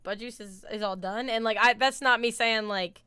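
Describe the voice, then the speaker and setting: A woman's voice: fairly high pitch, normal speed, bright, forceful tone, clean tone. A woman hosting a podcast in casual chat, talking loosely with many fillers. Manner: chatty, lots of fillers, laughs easily. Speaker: podcast host.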